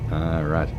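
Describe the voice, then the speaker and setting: A man's voice: deep voice, mellow, a little hiss or hum. An Australian man chatting casually on a gaming livestream, rambling and self-mocking with lots of fillers and laughter. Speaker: game streamer. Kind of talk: casual livestream chat while driving a truck game. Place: at home, streaming.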